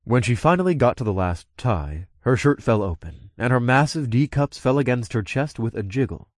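A man narrating a first-person audiobook in a steady, relaxed storytelling voice on a close mic. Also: mid-range voice, moderate pace, dry recording.

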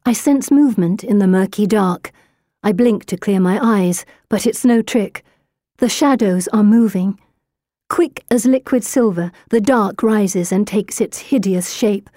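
Expressive woman reading a novel. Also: mid-range voice, no room sound, studio quality. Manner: expressive, rising to tense urgency. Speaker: audiobook narrator. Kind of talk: first-person novel reading.

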